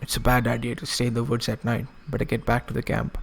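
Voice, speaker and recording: A man's voice: medium pitch, level tone, quick pace, gravelly, slightly rough. A man streaming, reading a visual novel aloud and breaking off for casual asides. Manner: casual asides, self-correcting.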